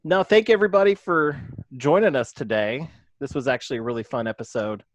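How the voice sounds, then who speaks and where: A man's voice: mid-range voice, brisk. A man co-hosting a podcast who talks casually and stumbles over his words as he wraps up the show. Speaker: podcast co-host and editor. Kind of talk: casual chat.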